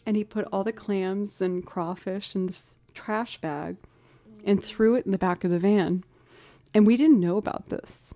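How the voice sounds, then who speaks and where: Woman musician on a home stream; casual, animated storyteller who laughs easily, goes soft and cooing with her pet. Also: lowish voice. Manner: animated, laughing often while telling stories. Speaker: musician livestreamer.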